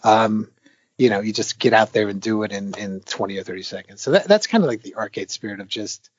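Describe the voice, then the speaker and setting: Older game-designer guest, husky low voice, rambling and filler-heavy, dull lo-fi audio. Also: male voice, brisk, dry recording. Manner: rambling, many fillers, animated retelling of anecdotes. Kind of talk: casual interview talk.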